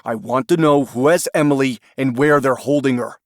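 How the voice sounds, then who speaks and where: A man's voice: mid-range voice, normal speed, no echo, natural voice. Brief: male narrator as a hard-nosed male agent, clipped and commanding, dry close sound. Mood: stern. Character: stern, angry male federal agent.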